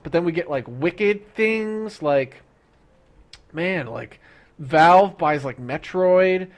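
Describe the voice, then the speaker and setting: A young man streaming, ranting about games in an excitable, profane, fast-talking way. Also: on the high side. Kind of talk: ranting gaming stream chat.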